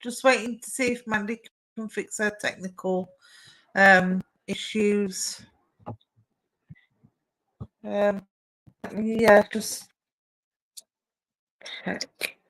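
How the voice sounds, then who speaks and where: Bright-voiced woman chatting on a live stream. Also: medium pitch, fairly even intonation, drawn-out words, pauses often, low-quality recording. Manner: chatty, warm replies to viewer comments with frequent fillers. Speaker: psychic medium and live stream co-host. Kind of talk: casual live stream chat and readings.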